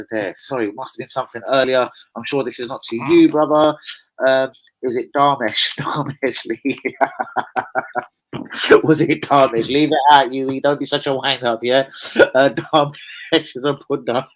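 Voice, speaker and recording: With a mid-range, fairly bright voice and rough audio, a man hosts a live football fan stream previewing the game. His chat is casual, full of viewer comments read aloud and free swearing.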